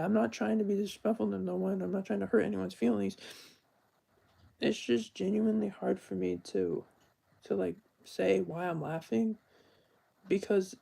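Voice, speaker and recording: Young male streamer, very gravelly and husky, earnest and rambling in an unscripted live-stream talk. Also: high voice, warm tone. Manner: earnest, rambling, self-correcting.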